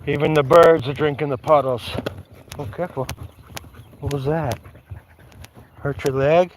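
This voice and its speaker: A man's voice: a little high, fairly even intonation, a little slow, a little hiss or hum, rough recording. A man casually chatting on a livestream while walking his dogs outdoors, rambling and talking to the dogs. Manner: rambling, talks to his dogs, breaks into song. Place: outdoors on a trail.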